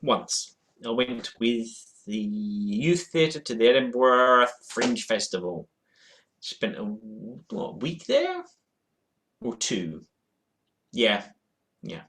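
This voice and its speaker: A man's voice: mid-range voice, very animated, extremely slow, pauses often, a bit bright. A man in a casual webcam chat about board games, answering viewer questions in a rambling, hesitant way with lots of fillers and restarts. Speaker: board game vlogger. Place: at home in front of a game shelf.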